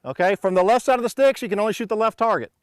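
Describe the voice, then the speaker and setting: A man's voice: high-pitched, rapid-fire, smooth, no room sound. A middle-aged man coaching young shooters at an outdoor range, joking with them and calling out drill commands.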